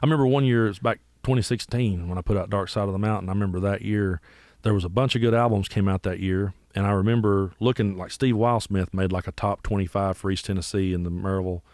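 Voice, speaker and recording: A man with an Appalachian accent rattles through his stories at a brisk clip, his voice on the lower side. He acts out the people in them as he goes. The sound is close and dry, with no room around it. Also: dry recording. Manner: animated storyteller, acts out voices. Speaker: musician guest. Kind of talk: casual storytelling interview.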